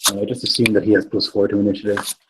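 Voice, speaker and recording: A man narrating as game master of a tabletop game, pausing often with ums and uhs. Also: fairly low pitch, level tone, background noise. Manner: hesitant, filler-heavy narration.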